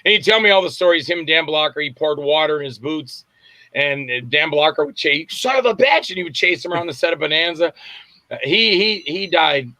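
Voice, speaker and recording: A man, a film director, telling lively anecdotes in a casual interview, acting out the voices in his stories. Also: fairly high pitch, a little fast, dry recording. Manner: animated anecdotes, acts out voices and shouts. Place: Tampa area, Florida.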